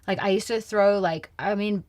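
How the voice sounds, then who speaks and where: A woman's voice: mid-range voice, fairly even intonation, normal speed, a little mellow. Young Australian woman, chatty guest, rambling interview talk. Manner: chatty, rambling with many fillers. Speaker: guest musician. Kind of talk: casual interview chat.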